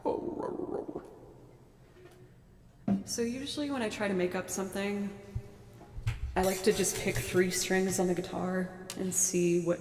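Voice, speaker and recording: A woman's voice: fairly low pitch, mellow. A young woman musician chatting casually on a livestream, thinking aloud and poking fun at herself while she has bronchitis.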